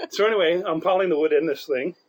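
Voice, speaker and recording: A man's voice: a little high, normal speed, crowd noise, rough recording. A man co-hosting a casual podcast, telling a long story in a rambling way and laughing often. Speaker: podcast co-host.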